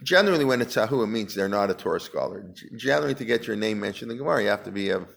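His voice is low-leaning, creaky and a bit bright, with lively intonation and a rapid-fire pace. Teaching Talmud, he chants Aramaic passages and unpacks them in casual English, conversational, quizzing the class and restarting sentences often.

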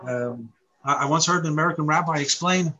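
A man's voice: on the high side, fairly quick, sharp tone, highs cut off. A man giving an expository Torah lesson, explaining step by step, reciting Hebrew verses and posing rhetorical questions. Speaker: Torah teacher.

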